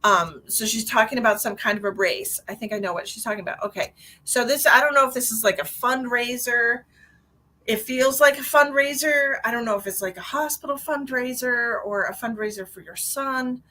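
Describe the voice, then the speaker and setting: A woman giving a live-streamed psychic reading in a chatty, animated way, with many restarts and a lot of "like". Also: a little high, normal speed, rough recording. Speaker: psychic medium.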